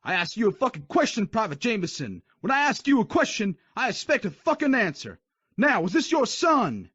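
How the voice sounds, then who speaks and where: A man's voice: fairly high pitch, very animated, normal speed, fairly bright tone, husky, no echo, voice pushed up, heavily acted. A man voicing a harsh army drill sergeant who barks profane insults and taunts. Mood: menacing. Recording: dull dry lo-fi recording.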